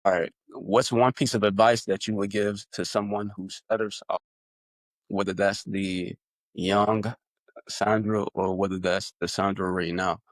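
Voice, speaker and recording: A man's voice: lowish voice, little pitch movement, unhurried, no room sound. A man hosting a podcast interview, asking loose conversational questions with many fillers. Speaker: podcast host.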